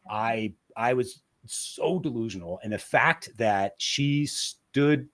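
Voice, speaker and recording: Slow and a bit bright, this medium-pitched male voice belongs to a podcast guest in a candid interview conversation. Reflective and open, he frequently starts over and repeats words while hunting for how to put things.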